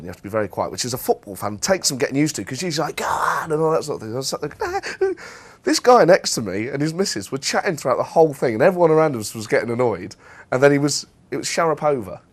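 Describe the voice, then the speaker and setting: A man hosting a comedy sports panel, telling anecdotes in an animated way and mimicking the people he describes. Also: mid-range voice, fast. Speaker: host.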